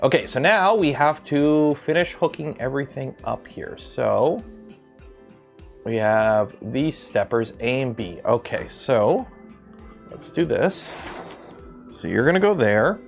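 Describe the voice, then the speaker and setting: A man's voice: medium pitch, expressive, slow, gravelly, dull audio, soft background music. A man from Canada hosting a casual maker livestream, rambling and joking as he works, swearing now and then and talking to his machines in a home workshop. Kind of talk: casual livestream chat while building.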